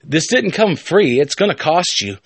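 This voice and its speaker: A man's voice: on the high side, sing-song, normal speed, gravelly, husky, dry recording, pitched above the performer's own voice, heavily acted. A man playing a cocky middle-aged professor who talks in a smug, bossy way.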